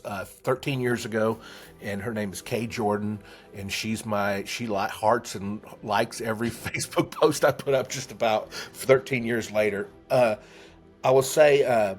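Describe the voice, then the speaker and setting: A man telling a heartfelt story as a podcast guest, earnest, with many restarts. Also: fairly low pitch. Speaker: guest, memory trainer.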